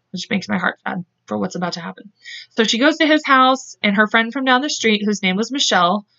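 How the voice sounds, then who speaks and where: A woman hosting a podcast, retelling a case in casual chat, acting out quotes in quick voices and speaking bluntly. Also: mid-range voice, lively intonation, creaky, bright, forceful tone, highs cut off. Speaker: podcast host. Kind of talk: casual true-crime storytelling.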